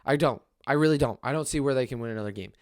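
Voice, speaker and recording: Brief: young male sports podcaster, loud, ranting, trash-talks rivals. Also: mid-range voice, very fast. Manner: excitable, ranting, trash-talking. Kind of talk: solo sports rant.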